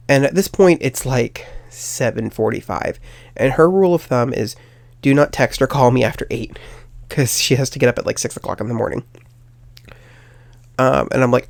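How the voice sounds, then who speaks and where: With vocal fry in his mid-range voice, a young podcast host tells a personal story at a moderate pace. It's a rambling, self-deprecating monologue packed with fillers, recorded dry.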